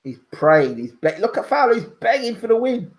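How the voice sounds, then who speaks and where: A man's voice: extremely high pitch, big pitch swings, moderate pace. A man hosting casual live boxing commentary, opinionated and emphatic, repeating his points. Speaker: boxing pundit and channel host. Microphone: home microphone, audio only.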